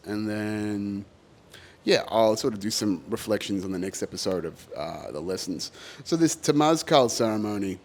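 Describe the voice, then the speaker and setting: A man hosting a podcast in a casual monologue, rambling with many fillers and frequent laughter. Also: medium pitch. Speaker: podcast host.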